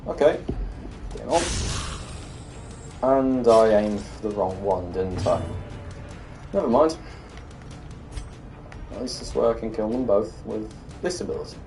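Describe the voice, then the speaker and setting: A man's voice: fairly low pitch, animated, a little slow, long pauses, recorded from a distance, music in the background. A young British man giving casual, sardonic commentary while streaming a game, muttering to himself and breaking into exasperated rants.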